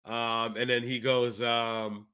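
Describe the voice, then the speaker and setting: A man co-hosting a casual wrestling podcast, animated and telling stories while sick. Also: medium pitch, takes it slowly, clear, resonant tone. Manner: animated storyteller, acts out quotes. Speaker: podcast co-host. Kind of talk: casual chat.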